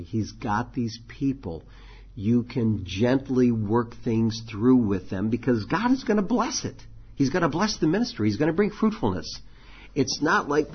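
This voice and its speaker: Husky man teaching a church class. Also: medium pitch, lo-fi sound. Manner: conversational, frequent ums and restarts.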